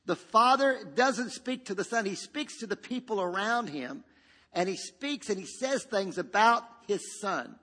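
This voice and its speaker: A man's voice: sits high, lively intonation, measured pace, bright, forceful tone, in a large hall. A man preaching a sermon as pastor, emphatic and repetitive, leading the congregation in call-and-response.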